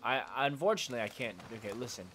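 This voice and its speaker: Nasal, excitable young man gaming. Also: mid-range voice, very fast. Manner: excitable, swearing, loud outbursts. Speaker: gaming channel host. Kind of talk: gameplay commentary.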